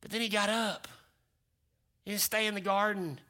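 A male pastor delivering a dynamic sermon, swinging between loud exclamations and hushed whispers. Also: high-pitched, steady tone, normal speed, long pauses.

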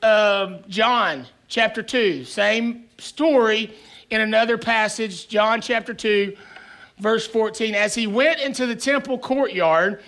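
A man preaching in a high, bright voice, a pastor spinning a funny tale for his congregation. He tells it with animated, self-mocking energy and keeps breaking into little chuckles, with a crisp, forward tone. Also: slow pace. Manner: animated, self-deprecating storyteller who chuckles often. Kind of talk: sermon with humorous storytelling. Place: church sanctuary before a live congregation.

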